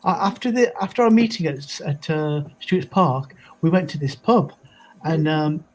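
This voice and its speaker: A man's voice: on the high side, expressive, moderate pace, darkish tone, rough recording. A man hosting a casual chat, telling rambling anecdotes full of restarts. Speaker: host.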